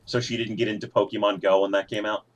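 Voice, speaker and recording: A male podcast host with a low, husky voice chats in a relaxed way. He explains things patiently and drops the odd casual swear word. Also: fast. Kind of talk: casual chat.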